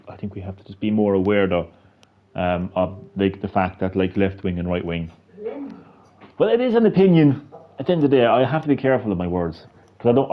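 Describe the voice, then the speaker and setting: A man's voice: low voice, muffled recording, slight background noise. An Irish man giving a casual, rambling opinion monologue full of fillers and swearing. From Ireland. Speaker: video creator.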